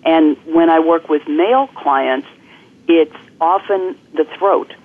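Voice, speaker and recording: A woman guest coach explaining things clearly and articulately in an interview, speaking over the phone. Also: low voice, slow pace. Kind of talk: interview on a podcast. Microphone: telephone. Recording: phone-line call-in audio.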